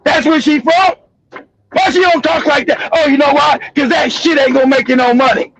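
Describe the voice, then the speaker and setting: Stream host, male, very high and gravelly, brash, profane, loud reactions. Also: fairly even intonation, moderate pace, poor audio. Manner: boisterous, profane, shouts and laughs often. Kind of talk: loud crude reaction commentary.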